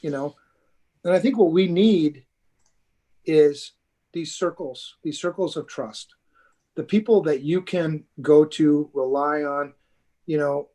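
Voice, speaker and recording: Earnest rambling man, slightly high. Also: slow, long pauses, warm tone. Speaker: podcast co-host. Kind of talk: casual chat.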